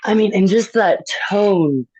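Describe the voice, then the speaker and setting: A woman guest on a casual livestream, sharing memories in an earnest, halting way with many fillers. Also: medium pitch, mellow. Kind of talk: casual chat, personal memories. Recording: slightly dull dry audio.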